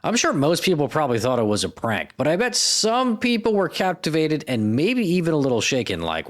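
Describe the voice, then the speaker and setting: A podcast host reads stories aloud in comedic narration, tossing in irreverent, profane, jokey asides. His voice is a little high with wildly swooping pitch, and he talks fairly quickly with few pauses.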